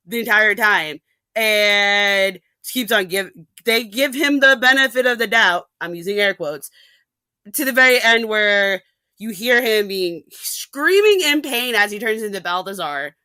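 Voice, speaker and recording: A woman ranting animatedly in a casual podcast chat, with quick asides and restarts. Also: mid-range voice, lively intonation, pushed and bright, no room sound. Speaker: podcast guest.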